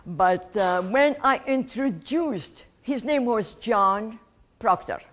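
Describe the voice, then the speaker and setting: Animated elderly woman. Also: fairly high pitch, slow pace. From Egypt. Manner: warm and animated, laughing at her own story. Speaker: guest speaker. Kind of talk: personal life storytelling to an audience.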